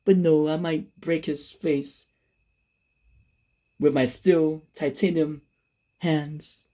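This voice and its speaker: A man's voice: on the high side, fairly even intonation, slow, warm tone. A man voicing a heartbroken female terminator robot who is hurt and then forgiving. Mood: sad.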